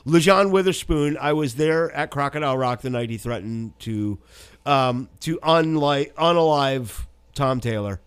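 A man's voice: medium pitch, lively intonation, unhurried, clear, resonant tone. A man hosting a casual chat about music, blunt and profane in his opinions.

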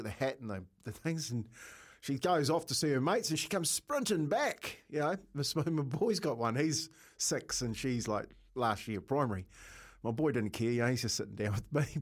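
A middle-aged man with a New Zealand accent, co-hosting breakfast radio and telling a rambling story with lots of laughs. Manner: animated, laughing, raises pitch for quoted voices. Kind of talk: casual storytelling.

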